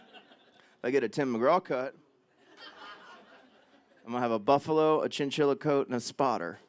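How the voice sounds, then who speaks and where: A man's voice: medium pitch, moderate pace. A man, a singer-songwriter, chatting between songs at a small live club, telling rambling, joking anecdotes into a stage mic. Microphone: stage vocal mic.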